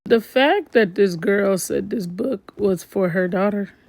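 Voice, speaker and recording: Woman vlogger, casual commentary, animated, exclaiming, talks to viewers, dry close sound. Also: medium pitch, measured pace, vocal fry, dry recording.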